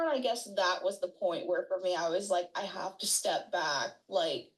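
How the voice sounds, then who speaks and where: Casting: young woman college student, mid-pitched, relaxed, talks with lots of "like". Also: moderate pace, hardly any pauses, rough recording. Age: young adult. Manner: casual, many likes and fillers. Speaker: honors student. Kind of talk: personal account.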